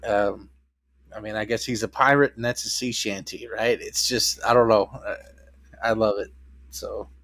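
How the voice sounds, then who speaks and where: A man with a fairly low voice co-hosts a film podcast, talking in a loose, rambling way. He recorded close and dry, with no room sound. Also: fairly even intonation, normal speed, a bit bright, no echo. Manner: rambling, acts out lines in silly voices. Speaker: podcast co-host. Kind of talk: casual film review chat.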